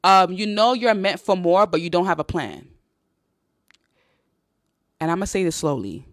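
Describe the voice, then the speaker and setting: A woman's voice: lowish voice, animated, a little slow, dry recording, studio quality. Blunt, swearing Nigerian woman coach. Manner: blunt, swears, repeats lines for emphasis. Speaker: online business coach. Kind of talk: casual livestream pep talk.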